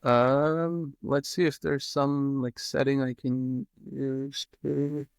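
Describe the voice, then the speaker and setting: A relaxed man of middle pitch talks loosely on a podcast, peppering his speech with fillers. He is demoing his company's assistant. The recording is dry and close. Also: slow, creaky, no echo. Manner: relaxed, filler-heavy, says "like" often. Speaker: co-founder demoing his product. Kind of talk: casual podcast chat.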